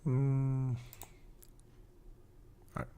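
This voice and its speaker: A man's voice: medium pitch, monotone, drawn-out words, dark tone, slight background noise. A man chatting casually on a live stream, rambling between viewer comments and rugby talk.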